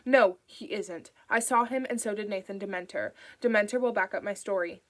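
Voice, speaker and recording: A woman voicing a tough, injured woman on the run, speaking in urgent, clipped, forceful lines for an audiobook. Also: medium pitch, fairly quick, lightly acted.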